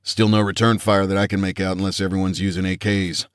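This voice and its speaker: A man voicing a young male soldier who is loud and wary in a military audiobook. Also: low-pitched, level tone, quick pace, smooth, no echo, studio quality, close to an everyday voice.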